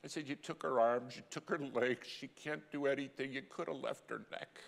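A middle-aged man preaching a sermon as a dramatic story, swinging from loud cries to hushed, near-whispered lines. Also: mid-range voice, normal speed, creaky. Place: church sanctuary. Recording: long church hall reverb.

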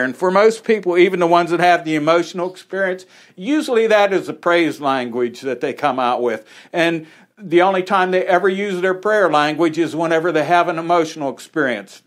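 A man's voice: on the high side, fairly bright tone. A man preaching an informal, conversational sermon in a small church, with folksy asides. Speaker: pastor.

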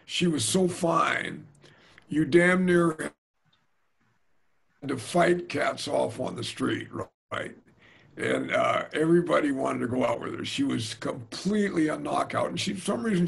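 An older man, a jazz drummer, telling stories in a casual interview with lively, slangy delivery. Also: on the high side, unhurried. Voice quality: gravelly, husky. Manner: animated storyteller, slangy and hip, mimics voices.

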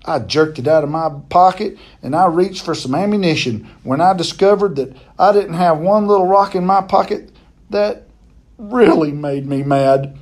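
A man's voice: a little high, moderate pace, a little mellow. A man reading a novel chapter aloud, telling it expressively and now and then stumbling and repeating a word.

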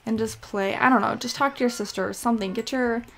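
A young woman's slightly high voice runs a loose, chatty commentary over her gameplay. She jumps from task to task and scolds her game characters as she goes. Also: steady tone, quick pace, vocal fry, a bit bright, a little hiss or hum. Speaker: let's play host.

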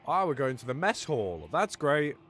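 A man playing a horror game with friends and commenting excitedly, swearing often and talking to himself. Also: on the high side, normal speed, breathy edge. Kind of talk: let's play commentary.

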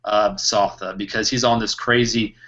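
A man chats about books with a bright, forceful edge to his voice. He retells the story eagerly and animatedly, and laughs often. The sound comes through a slightly muffled, lo-fi recording. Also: lowish voice, steady tone, moderate pace. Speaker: podcast co-host. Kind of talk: casual book discussion.

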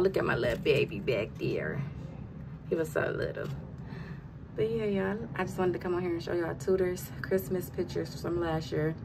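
A woman's voice: on the low side, a bit bright. Chatty woman vlogging on her phone. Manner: chatty, talks straight to the viewers with lots of "y'all". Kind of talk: casual vlog chat to the viewers. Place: walking through a big store. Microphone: phone held in hand. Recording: phone audio with clear background noise.

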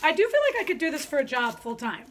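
A woman's voice: high voice, sing-song, fast. A woman from Philadelphia hosting a travel vlog, chatting playfully and joking. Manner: playful, jokey and upbeat. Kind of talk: casual travel chat.

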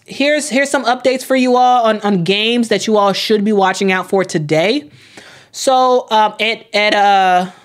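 Chatty young woman hosting a live stream. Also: medium pitch. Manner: chatty, repeats words, many fillers, reads chat aloud. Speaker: host of a sports live stream. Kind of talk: casual live-stream chat.

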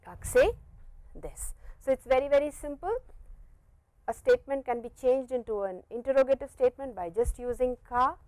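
A woman with an Indian English accent gives a patient Japanese lesson in a somewhat high voice. She repeats each phrase slowly so learners can follow. The sound is dry and close, with no room echo. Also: darkish tone. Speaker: Japanese language teacher. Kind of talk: classroom lecture. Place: teaching studio with a board.

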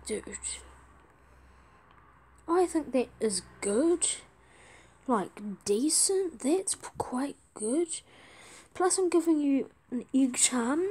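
A woman giving casual let's-play commentary, chatty and excitable, pleading with other players for trades. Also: high voice. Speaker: gaming video creator.

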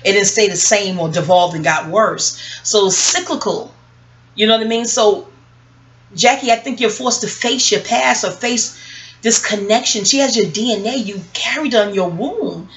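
A woman's voice: mid-range voice, normal speed, slight background noise. A woman giving rambling, profane commentary in a casual, scattered way, jumping from one thought to the next. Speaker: online commentator. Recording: audio-only home recording.

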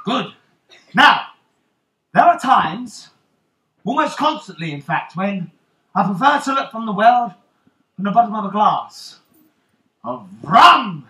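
Man doing a high, swaggering pirate captain Jack Sparrow. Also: sing-song, slow, pauses often, pushed and bright, roomy sound, heavily acted. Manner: theatrical, teasing, calls out to the crowd. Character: swaggering rum-loving male pirate captain. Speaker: stage actor. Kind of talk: live children's stage show with audience banter. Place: theatre stage.

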